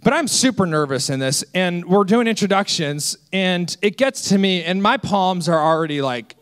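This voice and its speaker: A man in his twenties, a senior associate pastor, preaching a sermon with lively self-deprecating stories. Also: sits high, moderate pace, clear, resonant tone. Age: 20s. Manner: energetic, storytelling with self-deprecating humor.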